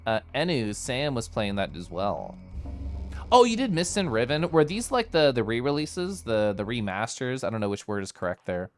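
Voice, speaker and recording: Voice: medium pitch, very animated, normal speed. Giggly, playful game streamer. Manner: giggly, playful, talking to chat. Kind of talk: casual live-stream gameplay chat. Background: faint game music.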